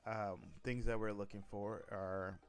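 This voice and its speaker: A man's voice: lowish voice, flat delivery, a little slow, faint music behind. A man streaming, talking casually about running a role-play server, rambling with frequent restarts and self-corrections. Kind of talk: casual livestream talk.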